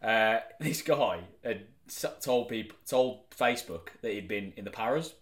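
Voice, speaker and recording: A man's voice: fairly low pitch, a little slow. A man co-hosting a podcast, telling a story casually with frequent laughs and swearing. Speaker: podcast co-host. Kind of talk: casual chat. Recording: echoey room.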